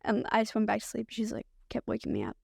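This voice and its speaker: A woman's voice: on the high side, sing-song, quick pace, creaky, a little mellow, breathy edge, no echo, clean studio sound. A woman, a podcast guest, telling her own story candidly and loosely, with a lot of "like" fillers. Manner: candid, rambling, frequent "like" fillers. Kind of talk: personal storytelling.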